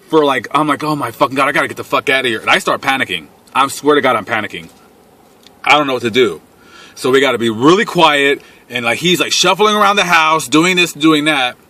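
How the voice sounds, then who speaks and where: A young male vlogger tells a crude personal story straight to camera in a casual storytime. His medium-pitched voice sounds pushed and bright, and he's blunt and full of swearing.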